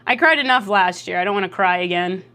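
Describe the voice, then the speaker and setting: A young adult woman livestreaming at home into a desk mic, chatting casually and reacting to chat comments in a lively, jokey way. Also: quick pace. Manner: lively, jokey, reacts to chat with laughs and big pitch jumps. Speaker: streamer.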